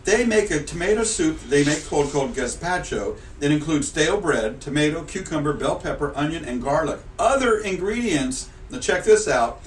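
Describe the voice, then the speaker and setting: A man hosts a playful chat show, his pitch bouncing all over as he teases his co-host. He sits back from the mic in a roomy, echoing space, with a faint hiss underneath. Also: lively intonation, far from the mic. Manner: playful, teasing, spells words out slowly. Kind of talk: casual chat.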